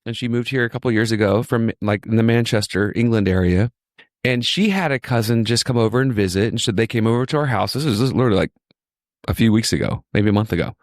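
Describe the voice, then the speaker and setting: A low-voiced man from Virginia hosts a podcast, chatting with an easy, enthusiastic flow and circling back to repeat his points. The sound is dry and close, with no room around it. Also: quick pace, dry recording. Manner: chatty, repetitive, enthusiastic storyteller. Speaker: injury lawyer, podcast host. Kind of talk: casual podcast chat.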